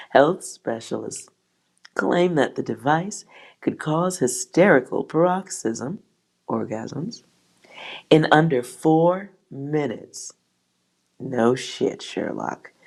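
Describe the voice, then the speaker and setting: A woman's voice: sits low, expressive, takes it slowly, gravelly, a little mellow, slightly rough. A woman hosting a tarot channel, reading a history text aloud and breaking off with sighs and wry asides. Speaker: tarot reader host.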